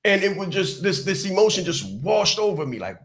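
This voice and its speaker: A man's voice: high voice, expressive, brisk, creaky, fairly bright tone. Man, podcast host, motivational storytelling, emphatic, repeats for effect, roomy echo. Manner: emphatic and repetitive, addresses listeners directly.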